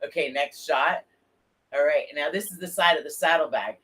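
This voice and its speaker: A woman hosting a casual motorcycle talk show, telling lively stories and swearing freely. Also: low-pitched, normal speed. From Florida. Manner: animated storyteller, swears freely. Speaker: podcast host. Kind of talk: casual chat.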